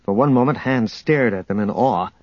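A man narrating an audiobook in a steady storytelling manner, in a dull, dry recording. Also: mid-range voice, moderate pace, dry recording.

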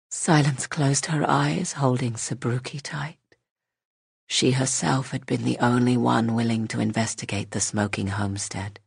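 A woman narrates a fantasy audiobook in a measured, even way. Her voice sits extremely low and has a husky grain, and the recording is dry and close. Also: no echo.

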